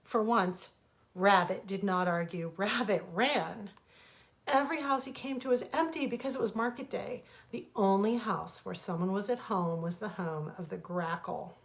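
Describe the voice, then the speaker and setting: Lady reading bedtime stories on a webcam, gentle, expressive. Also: mid-range voice, moderate pace, gravelly. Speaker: author reading her stories.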